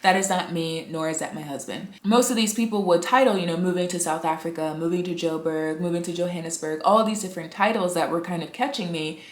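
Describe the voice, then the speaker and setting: A woman's voice: fairly low pitch, fast, hardly any pauses. A woman vlogging from home in a rambling, chatty way, full of "you know" fillers. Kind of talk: casual chat to camera. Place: indoors at home, upstairs. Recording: echoey room.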